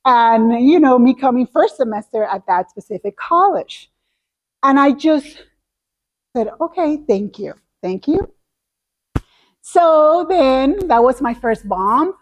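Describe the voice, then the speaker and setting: Woman speaker with a Spanish accent, slightly high pitch, animated and expressive while telling a story. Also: slow. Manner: animated, acts out her own past reactions. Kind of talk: storytelling talk.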